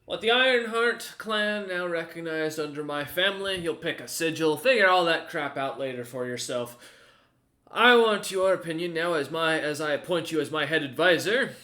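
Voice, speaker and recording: A man's voice: on the high side, expressive, moderate pace, pushed and bright. A man voicing a hearty, commanding clan lord.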